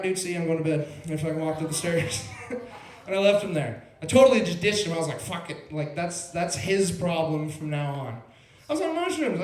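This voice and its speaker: A man's voice: fairly high pitch, darkish tone. A young man doing stand-up at an open mic in a small club, telling a rambling, laid-back story full of "like" and "bro". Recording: roomy club sound.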